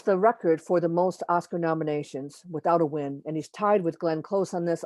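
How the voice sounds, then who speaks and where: A woman giving an informal astrology lecture over a video call. She speaks in a halting way, with frequent pauses, restarts and self-corrections, and adds opinionated asides. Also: on the low side, mellow, dry recording. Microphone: computer mic on a video call.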